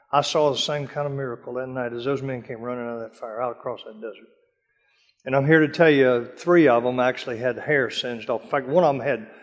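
An older man giving a dramatic sermon-style testimony, telling stories from his past with a hushed voice during the prayers. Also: medium pitch. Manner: dramatic storytelling, drops to a hush for prayers. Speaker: speaker telling war stories. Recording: long hall reverb.

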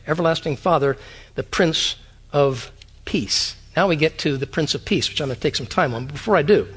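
A man preaching a sermon, animated and conversational, with repeated phrases and quick asides. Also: on the high side, husky. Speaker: pastor.

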